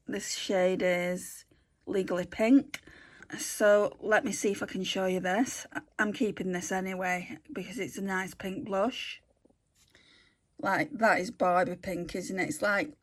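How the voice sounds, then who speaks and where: A woman chatting casually as she swatches makeup for a beauty vlog, thinking aloud and correcting herself as she goes. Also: medium pitch. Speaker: beauty vlogger.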